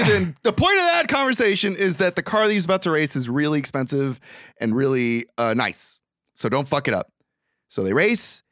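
A young man recapping a movie in casual podcast chat, animated, profane and mock-exasperated. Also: medium pitch, dry recording, studio quality. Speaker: podcast co-host.

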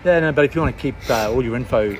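Aussie bloke, quick and teasing, lots of yeah yeah. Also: male voice, mid-range voice, over music. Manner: joking, agreeable, teasing. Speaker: podcast co-host. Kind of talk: casual chat.

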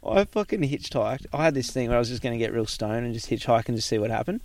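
Animated Australian man in his thirties. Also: medium pitch, quick pace. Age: 30s. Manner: animated, swears freely, acts out quoted voices. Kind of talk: casual storytelling chat.

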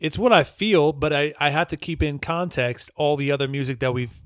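A man's voice: fairly high pitch, fairly quick, dry recording, studio quality. A man co-hosting a podcast, giving blunt, profanity-laced album ratings in casual chat and teasing his co-hosts. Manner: blunt, swears freely, teasing. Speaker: podcast co-host.

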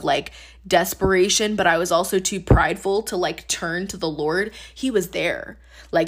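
A woman in her twenties, a podcast host, sharing her faith testimony in a casual, earnest way full of "like". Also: fairly low pitch. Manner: casual, earnest, heavy use of "like".

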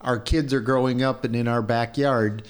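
A middle-aged man with a mid-range voice tells a story in a relaxed, chatty way. He lifts his voice sharply when he acts out what people said. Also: normal speed. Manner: animated when quoting, raises pitch for dialogue. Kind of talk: storytelling in casual chat.

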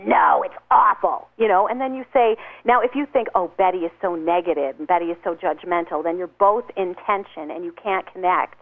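A woman's voice: on the low side, brisk, few pauses. A woman author giving upbeat advice in an interview, acting out little dialogues as she explains. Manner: upbeat, acts out quoted dialogue. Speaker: guest author. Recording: tinny phone line.

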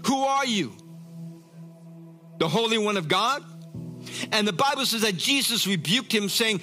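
A male pastor preaching a sermon, reading scripture aloud and breaking off to comment, fervent and exclaiming with shouts of praise. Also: high voice, animated, measured pace, pauses often, faint music behind.

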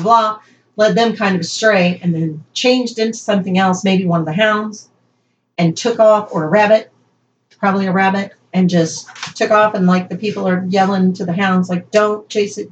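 A woman's voice: mid-range voice, a little hiss or hum. Chatty woman podcaster, dull lo-fi sound. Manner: chatty, riffs and asides, plays with emphasis. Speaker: podcast co-host. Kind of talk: casual chat reading folklore notes.

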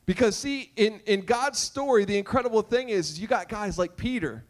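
Male pastor, sermon, high voice, emphatic, repetitive, asks the crowd questions, jokes. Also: moderate pace.

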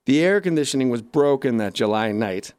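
A man telling stories in a casual interview, animated and acting out the people he quotes. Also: mid-range voice, a little fast, clear, resonant tone, no room sound. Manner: animated, acts out quoted voices. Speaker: comedian guest. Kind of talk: casual storytelling.

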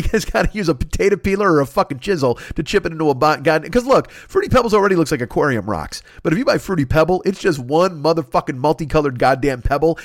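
A man's voice: fairly high pitch, no room sound, clean studio sound. A middle-aged man on a podcast, rambling through a crude, profane comedic rant and laughing at his own jokes. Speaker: podcast host.

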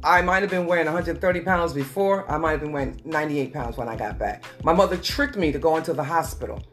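A woman with a somewhat low voice tells her story as a guest, earnest and repetitive, slowing down to press her words. Faint music plays softly underneath. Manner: repetitive, earnest, slows for emphasis. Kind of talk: emotional personal testimony.

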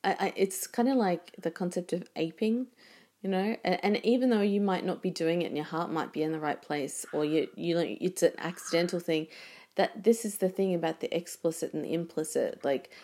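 A woman's voice: fairly low pitch, a little fast, mellow. A woman talking casually and reflectively, rambling with many restarts. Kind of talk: casual conversation.

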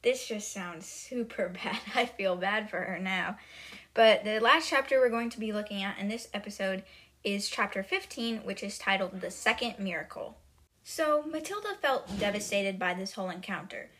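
A woman's voice: mid-range voice, moderate pace, fairly bright tone. A woman hosting a podcast, retelling book chapters in a chatty way full of "like" and "she's like". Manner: chatty, filler-heavy retelling with lots of "she's like". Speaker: podcast host. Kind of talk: casual book-chapter recap.

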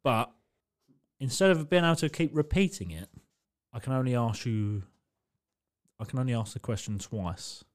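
A man chatting on a podcast in a relaxed, everyday way. His voice sits at a middle pitch, and he rambles, swears casually and laughs a lot as he explains things. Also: normal speed. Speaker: podcast co-host. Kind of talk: casual chat.

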